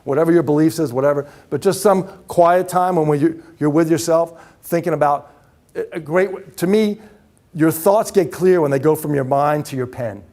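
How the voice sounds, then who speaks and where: Energetic man leading a workshop. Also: fairly high pitch, normal speed. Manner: energetic, engages audience with questions. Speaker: keynote speaker. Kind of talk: live leadership workshop talk. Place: conference room with audience.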